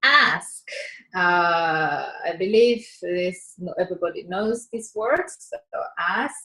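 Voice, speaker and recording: A woman teaching English vocabulary in an online seminar, explaining slowly and patiently with frequent fillers and restarts; her first language is Japanese. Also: lowish voice, expressive, sharp tone, poor audio. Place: online session.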